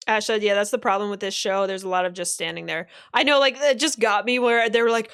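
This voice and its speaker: Excitable young woman streamer chatting. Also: fairly high pitch, a little fast, vocal fry, hardly any pauses, smooth. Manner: animated, excitable, swears casually, reads chat aloud. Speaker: anime reaction streamer. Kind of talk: live-stream reaction chat.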